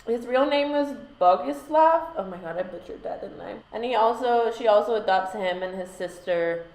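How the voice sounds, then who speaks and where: This woman vlogger's voice is on the high side with a darkish tone and lively intonation, moving at normal speed. She tells a history story casually and sarcastically, heavy on fillers and cursing, in an echoey space.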